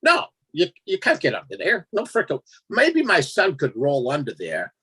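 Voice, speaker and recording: Guest storyteller: husky man, lively pitch, laughs and acts out his reactions. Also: moderate pace. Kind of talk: casual storytelling interview.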